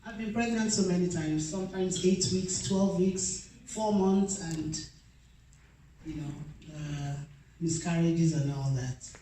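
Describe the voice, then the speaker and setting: A woman's voice: fairly low pitch, slow pace, warm tone, a little hiss or hum. A middle-aged woman giving an earnest, emotional personal testimony and acting out the dialogue as she tells it. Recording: very echoey room, mic far off.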